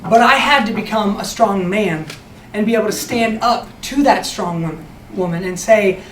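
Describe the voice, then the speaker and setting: A young man telling a true personal story on stage, animated and laughing, acting out the people in it. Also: high voice, normal speed, slight background noise. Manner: animated, laughing, acts out quotes. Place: stage at a community storytelling event. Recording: echoey hall, mic far off, faint ambience.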